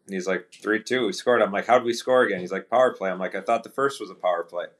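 A middle-aged man with a fairly low voice talks as a guest on a podcast. He tells his stories in a relaxed, chatty way, slipping into the voices of the people he quotes. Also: fast. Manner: relaxed anecdotal storytelling, acts out quoted dialogue. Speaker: guest, retired hockey player. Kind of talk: casual storytelling interview.

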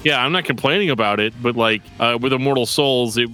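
A man's voice: medium pitch, a little fast, pushed and bright, soft background music. A man hosting a podcast, talking casually about metal records in a rambling way with lots of fillers. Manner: laid-back, rambling with frequent fillers and laughs. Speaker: podcast host.

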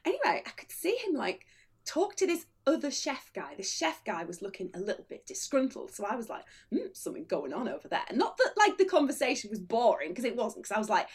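Husky, animated woman telling a story. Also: on the high side, a little fast. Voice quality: husky, animated, laughing through lines. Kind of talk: comic anecdote on a chat show.

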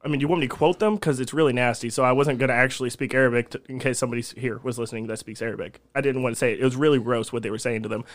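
A man, a podcast guest telling a long story in casual chat, animated and profane. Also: mid-range voice, racing, hardly any pauses. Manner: animated, profane storyteller who laughs at his own tales.

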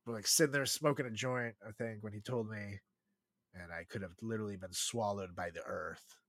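Young male podcast co-host, bright and animated, dry close sound, crude casual banter. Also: fairly low pitch, brisk, no echo. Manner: laughs often, swears, animated swings in loudness.

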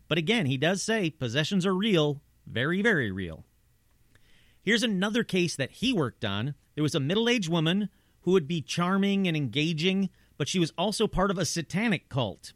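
A man's voice: a little high, big pitch swings, normal speed, fairly bright tone, dry recording, clean studio sound. A man narrating paranormal stories in a conversational way, with asides and rhetorical questions. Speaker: host. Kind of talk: true-crime style narration.

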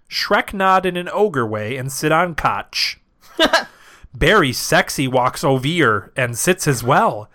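A man with a fairly high, bright voice reads a story aloud for a comedy podcast, taking it word for word. His pitch swings widely, and his reading keeps getting broken up by giggles. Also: animated, takes it slowly. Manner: reads verbatim, often cracking up. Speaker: podcast co-host, narrator of fan fiction.

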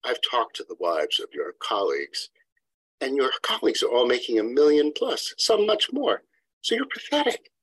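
A man's voice: medium pitch, big pitch swings, normal speed, slightly rough, rough recording. A man voicing a sneering, contemptuous wife. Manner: sneering, cold.

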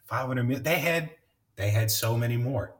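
A man's voice: mid-range voice, normal speed, fairly bright tone, distant mic. A man hosting a podcast, chatting casually and rambling, swearing often and laughing. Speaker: podcast host. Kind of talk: casual chat.

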